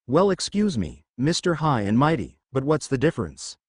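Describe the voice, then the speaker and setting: A man's voice: mid-range voice, sing-song, moderate pace, husky, no room sound, clean studio sound. A man reading aloud and voicing a firm, teasing young mother in a storybook reading.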